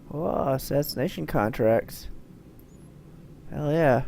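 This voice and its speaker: A man's voice: mid-range voice, big pitch swings, moderate pace, gravelly, slight background noise. A man streaming a video game live, talking playfully and muttering to himself as he plays. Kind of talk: live gameplay commentary.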